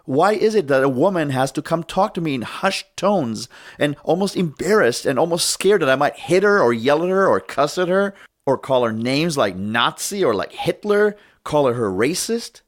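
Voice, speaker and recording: A man's voice: a little high, animated, moderate pace. A middle-aged man hosting a show, giving an emphatic political commentary monologue with indignant rhetorical questions. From Northern California. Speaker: show host.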